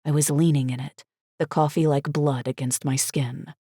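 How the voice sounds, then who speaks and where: A woman with a low voice narrates a first-person thriller at a measured, steady pace. The sound is close and dry, with no room echo. Her delivery stays controlled and even. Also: slightly rough. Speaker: audiobook narrator.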